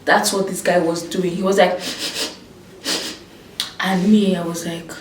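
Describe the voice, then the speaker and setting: A woman's voice: lowish voice, a little slow, long pauses, roomy sound, distant mic, noisy background. A young woman telling a dramatic story to her viewers, acting out what people said. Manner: animated storytelling, acts out quoted voices. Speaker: vlogger. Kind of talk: storytime vlog.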